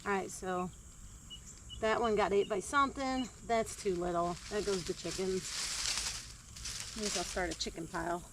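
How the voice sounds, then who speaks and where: A woman vlogging casually while digging in her garden outdoors, chatty and quick to laugh. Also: mid-range voice. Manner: chatty and easily delighted, laughs often. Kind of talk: casual chat while working. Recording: outdoor recording with clear background noise.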